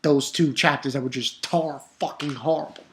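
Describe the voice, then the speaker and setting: Excitable male manga reviewer, casual and profane, prone to loud outbursts. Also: mid-range voice, normal speed, slight background noise.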